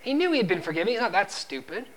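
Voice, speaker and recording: A man's voice: sing-song, rapid-fire, fairly bright tone. A man preaching a sermon, quoting scripture and pressing his points with emphasis. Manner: emphatic, rises in pitch and volume when driving a point; quotes scripture and acts out the servant's lines.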